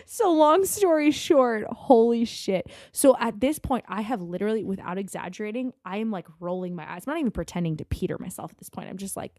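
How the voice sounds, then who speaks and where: A woman guest on a podcast, telling a long anecdote in an animated, profane way. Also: mid-range voice, fairly quick, hardly any pauses, no room sound, studio quality.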